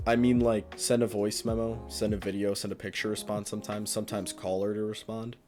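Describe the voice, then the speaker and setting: Blunt low-voiced man giving dating advice. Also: little pitch movement, a little fast, darkish tone, soft background music. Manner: blunt, offhand, lecturing. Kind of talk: casual advice monologue.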